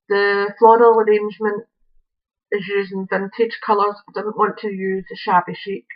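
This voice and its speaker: Woman, unhurried crafting vlogger, chewing gum, rambling chat, muffled home recording. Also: mid-range voice. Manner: chatty, rambling, with frequent fillers and restarts. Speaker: craft video maker. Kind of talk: casual crafting show-and-tell.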